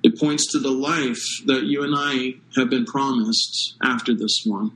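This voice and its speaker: Man, pastor, sermon, earnest, emphatic pauses, mid pitch. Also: steady tone, a bit bright, rough recording.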